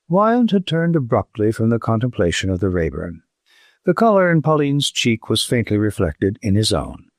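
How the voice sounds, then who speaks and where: Expressive male audiobook narrator. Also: lowish voice, normal speed, no room sound, clean studio sound.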